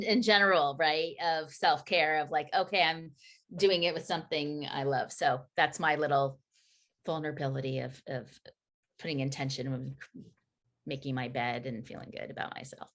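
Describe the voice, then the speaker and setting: A woman with a notably low voice hosts a relaxed video call. She talks in a chatty, loose way, circling back over her words. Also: moderate pace. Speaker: host. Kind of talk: casual chat on a video call.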